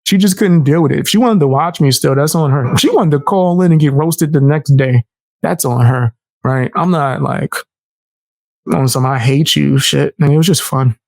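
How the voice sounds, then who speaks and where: A young male streamer trash-talks in casual commentary, brash and profane, laughing a lot at a moderate pace. His gravelly voice jumps sharply high whenever he mocks someone. The recording is close and dry, with no room echo.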